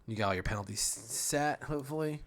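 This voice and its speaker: A man's voice: mid-range voice, fast talker. A man running a tabletop game over voice chat, casual and laughing, swearing often. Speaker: game master.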